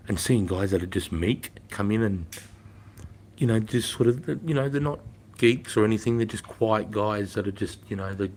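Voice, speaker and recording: A man's voice: low-pitched, a little mellow, slight background noise. A man, chatting casually to viewers in a blunt, profane storytelling manner. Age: 50s. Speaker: livestreamer and former army instructor.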